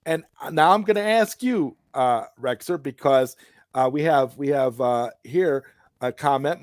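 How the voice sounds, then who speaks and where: A man's voice: mid-range voice, a little slow, no echo, studio quality. A man hosting a late-night chat, talking casually and with enthusiasm, often repeating himself. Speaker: host.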